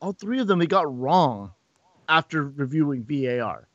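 A man co-hosting a podcast in casual chat, animated and often repeating words as he starts a thought. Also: fairly high pitch, moderate pace, no room sound. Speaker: podcast co-host. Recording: dull lo-fi sound.

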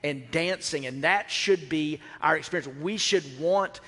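A middle-aged pastor from Mississippi preaches an emphatic sermon in a church sanctuary, repeating lines and asking the crowd questions. His voice is on the high side, bright and forceful, and he speaks a little slowly. The recording echoes through a reverberant hall.

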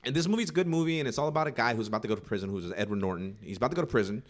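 A man's voice: medium pitch, very fast. A man hosting a podcast, chatting casually and rambling through travel and movie stories, swearing often and acting out the voices he quotes. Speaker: podcast host.

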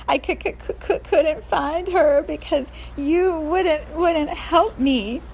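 A woman's voice: high-pitched, moderate pace, a little hiss or hum, pitched above the performer's own voice, close to an everyday voice, low-quality recording. A woman doing a sing-song little girl. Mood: sobbing. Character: excited little girl who loses her bear.

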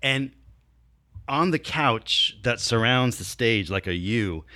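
A man in his fifties, a podcast guest telling stories in an animated way, acting out scenes with sound effects and voices. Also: mid-range voice, slow pace, no room sound, clean studio sound. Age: 50s. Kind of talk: casual storytelling.

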